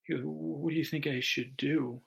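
A man's voice: fairly high pitch, fairly even intonation, normal speed, fairly bright tone. A man hosting a podcast, telling a meandering improvised bedtime story full of asides and restarts. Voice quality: gravelly.

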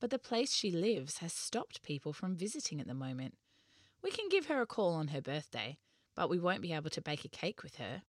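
A woman's voice: lowish voice, sing-song, a little fast, no echo, studio quality. A woman voicing a kind, reassuring father in a storybook reading. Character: friendly father, kind and calm.

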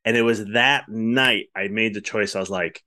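A man's voice: lowish voice, normal speed, pushed and bright. A man hosting a podcast, talking in an earnest, effusive and rambling way. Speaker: podcast host. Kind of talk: casual interview talk.

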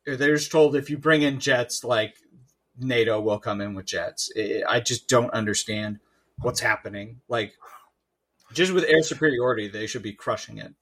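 Thirties man, mid-pitched, loose rambling podcast co-host. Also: moderate pace, fairly bright tone, husky. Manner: rambling, heavy fillers, casual swearing. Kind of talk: casual chat.

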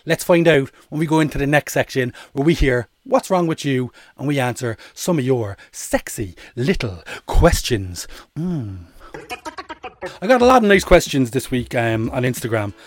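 A man's voice: medium pitch, normal speed, no echo, studio quality. An Irish man hosting a solo comedy podcast, rambling and swearing freely as he tells stories. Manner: animated, profane, rambling comic storytelling. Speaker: podcast host.

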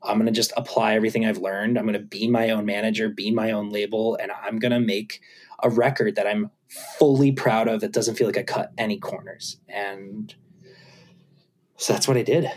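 Animated, swearing musician guest, man. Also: lowish voice, normal speed. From USA. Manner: animated, swearing, acts out his own thoughts. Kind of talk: casual interview chat.

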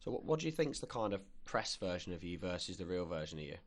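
A man's voice: low-pitched, big pitch swings, fast talker. A man hosting a podcast interview who asks short questions and chips in with brief agreement. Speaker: podcast host. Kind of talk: casual interview.

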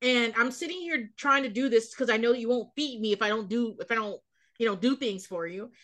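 Brief: woman host, slightly high and bright, blunt profane ranting recap chat. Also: a little fast. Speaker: podcast host. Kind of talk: casual reality-TV recap chat.

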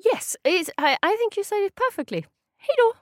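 Bright-voiced Swedish woman teacher. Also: very high-pitched, sing-song, fairly quick, no room sound, clean studio sound. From Sweden. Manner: cheerful, encouraging, clear model pronunciations. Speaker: language teacher. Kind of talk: language lesson dialogue.

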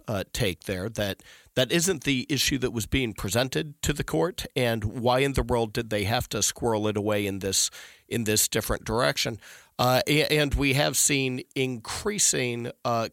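A man's voice: medium pitch, normal speed, creaky, a bit bright, no echo. A middle-aged man giving discursive, emphatic legal analysis in conversation, often restarting his sentences. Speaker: legal commentator.

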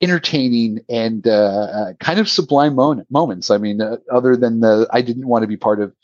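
A man's voice: medium pitch, normal speed, a little mellow, dry recording, muffled recording. A man hosting a podcast in casual chat, telling stories in a chatty way and often laughing. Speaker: podcast host.

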